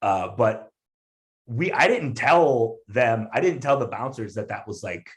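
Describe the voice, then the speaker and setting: A male comedian, a guest on a podcast, telling a story in a casual, animated way with lots of fillers and restarts. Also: medium pitch, unhurried.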